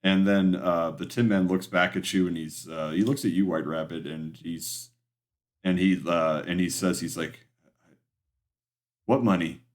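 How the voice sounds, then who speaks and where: Game master, male, lowish voice, halting filler-heavy narration. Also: steady tone.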